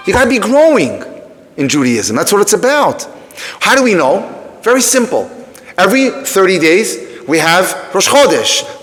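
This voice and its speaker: A man gives a storytelling talk to a room, his voice sitting a little high and rising and falling a lot. He is animated and breaks off to address the listeners. A long hall reverb trails his words. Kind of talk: storytelling talk to a live audience.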